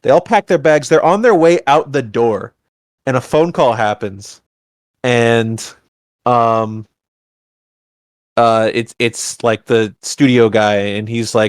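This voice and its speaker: A man co-hosting a podcast, chatting casually about a film and acting out the characters' lines in an animated way. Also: mid-range voice, takes it slowly, pauses often, no echo, studio quality. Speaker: podcast co-host. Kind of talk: casual movie review chat.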